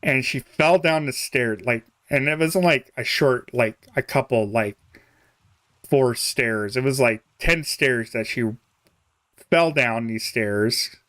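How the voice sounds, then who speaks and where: A man's voice: medium pitch, takes it slowly, a bit bright, no echo, studio quality. A young man chatting casually on a game live stream, rambling, chuckling often and trailing off mid-thought. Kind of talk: casual live-stream chat while playing.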